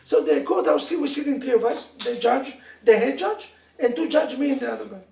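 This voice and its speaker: Animated rabbi preaching in an echoey room. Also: male voice, very high-pitched, fairly quick, gravelly, slight background noise. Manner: animated storytelling with laughs and sudden loud emphasis. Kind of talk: sermon to a live audience. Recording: echoey room, mic from far off.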